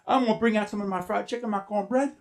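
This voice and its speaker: A man's voice: high voice, quick pace, slight background noise. A man voicing a stern, protective Southern country mother who scolds and warns. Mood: bossy. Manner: scolding, warning, bossy.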